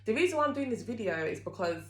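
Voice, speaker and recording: A woman's voice: on the high side, very animated, fast talker. A young woman talking candidly to camera as a vlogger, chatty and open, with lots of fillers. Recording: echoey room.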